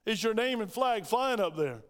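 High-voiced preacher in a reverberant church. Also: male voice, animated, moderate pace. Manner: preaching with rhetorical questions, quoting scripture in acted voices. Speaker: pastor. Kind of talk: sermon. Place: church sanctuary. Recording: long hall reverb.

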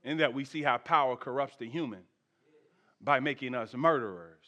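A man pastor preaching a sermon at a church service, animated, with shouted peaks, soft asides and humorous chat with the congregation. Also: mid-range voice, normal speed, lo-fi sound.

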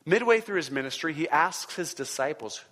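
A male preacher with a voice pitched somewhat high for a man. He teaches in a conversational yet emphatic way and often chuckles between points. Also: lively intonation, normal speed, fairly bright tone. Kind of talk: sermon teaching.

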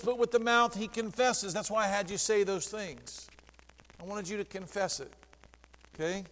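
In a reverberant church sanctuary, a pastor with a high male voice preaches a sermon. His delivery is animated, moving between near-whispers and shouts, and the hall's long reverb fills the recording.

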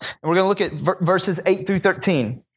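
A man with a high, light voice delivers a sermon in a loose, conversational way, dramatizing the story as he goes. The recording sounds a little muffled and dull. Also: moderate pace, slightly rough. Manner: conversational, dramatic retelling with acted quotes. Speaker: pastor.

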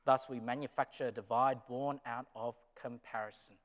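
A man with an Australian accent, a pastor who teaches business, preaching a sermon. His delivery swings between loud emphasis and quiet, low asides. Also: fairly even intonation, normal speed. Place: chapel hall. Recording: reverberant chapel hall.

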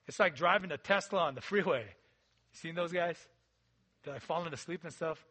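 A pastor with a high-pitched, husky voice delivers his sermon conversationally. He moves back and forth between loud emphasis and quiet, intimate asides.

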